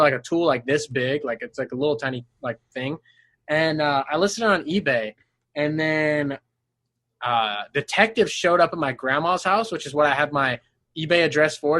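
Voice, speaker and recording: A young man with a high-pitched voice tells stories in a loose, animated way, swearing freely and breaking into laughter between sentences. The sound is dry and close on a studio microphone. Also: no room sound. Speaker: podcast guest. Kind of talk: casual storytelling chat.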